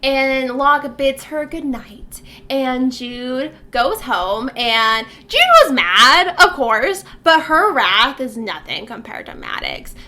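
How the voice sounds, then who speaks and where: A high, bright-voiced woman talks through a book's plot in a relaxed chat. She recaps scene by scene and drops into quick quoted lines of the characters, with laughs between. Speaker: book podcast co-host. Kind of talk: casual book discussion.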